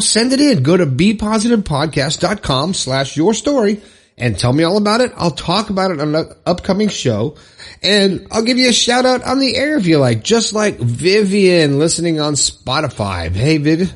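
A male podcast host speaking on his own. His slightly high voice swings up and down a lot as he talks. He sounds encouraging and chatty, and he drifts into casual fillers and restarts. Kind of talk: upbeat solo podcast monologue.

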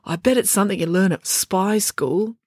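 A woman's voice: medium pitch, moderate pace, darkish tone, no echo, clean studio sound, close to an everyday voice. A woman voicing an anxious, complaining boy in a storybook reading. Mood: awkward. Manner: nervous, complaining. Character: anxious, whiny boy, scared of heights.

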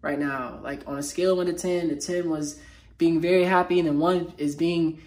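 A man known as a mental health motivational speaker opens up in an unscripted personal vlog while he's feeling down. His intonation is fairly even and his voice a little mellow, though his delivery is halting, raw and emotional, full of slangy fillers and restarts.

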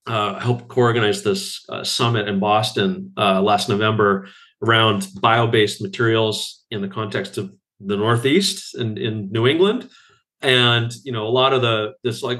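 A man's voice: on the low side, moderate pace. A man, an architect guest on a podcast, talking casually and acting out quotes from others with bursts of laughter. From Canada. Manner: animated storyteller, acts out quotes with laughs.

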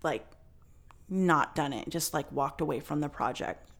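A woman's voice: low voice, a little slow, vocal fry, a bit bright. A woman hosting a podcast, telling a story in casual chat with lots of fillers and some swearing. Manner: chatty, many fillers, swears. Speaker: podcast host.

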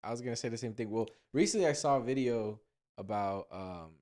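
A man hosting a casual podcast chat in a relaxed, agreeable way. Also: medium pitch. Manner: quick, relaxed, frequent agreeing. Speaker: podcast host.

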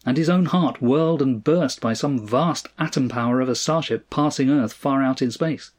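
A man narrating a story in a measured, dramatic reading style. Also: mid-range voice.

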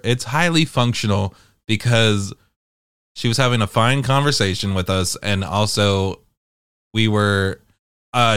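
A young man tells a rambling, profane story straight to his viewers, his pitch leaping up and down as he acts it out. His voice is smooth and resonant. The recording is dry and close-miked. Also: dry recording. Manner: animated, profane, expressive storyteller. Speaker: vlogger. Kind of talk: casual storytime monologue.

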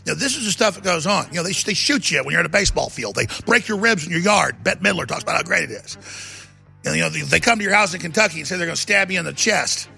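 A man's voice: a little high, lively intonation, fast talker, creaky, bright, forceful tone, husky, faint music behind. A middle-aged man hosting a political talk show, delivering an emphatic, ranting monologue. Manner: emphatic, ranting, restarts and rising intensity.

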